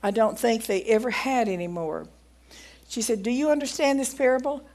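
A woman's voice: a little high, lively intonation, normal speed. A woman giving a folksy sermon, reading aloud from a book and growing emphatic as she preaches. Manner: folksy, grows emphatic and loud when preaching.

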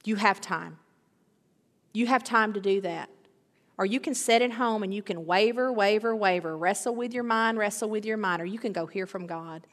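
A woman's voice: medium pitch, fairly quick. A middle-aged woman preaching a sermon, emphatic, repeating key phrases and building in intensity. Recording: long reverb of a large hall.

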